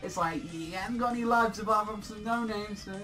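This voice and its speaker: A man reviewing a manga chapter in a casual video review, excitable and profane, rambling with lots of fillers. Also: sits high, brisk, soft background music.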